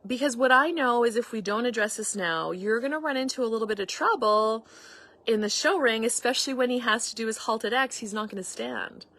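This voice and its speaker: A woman's voice: a little high, a little fast, fairly bright tone. A middle-aged woman host telling a story in a casual, meandering way, acting out quoted dialogue. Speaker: podcast host and facilitator.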